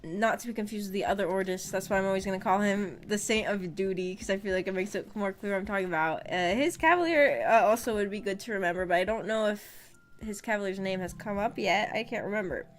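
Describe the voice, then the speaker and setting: A woman's voice: mid-range voice, fast. Giggly chatty woman streamer. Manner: giggly, chatty, reads chat aloud. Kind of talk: casual book discussion.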